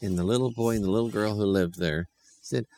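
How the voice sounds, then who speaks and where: A man improvising a silly children's story, telling it in a playful, lively way. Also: fairly low pitch, fairly quick. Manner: playful, chuckling, lively delivery.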